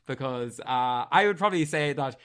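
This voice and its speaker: A man's voice: medium pitch, animated, moderate pace, a bit bright, smooth. Giggly rambling Northern Irish man. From Northern Ireland. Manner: rambling, giggly, many fillers and restarts. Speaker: podcast host. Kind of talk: casual podcast chat.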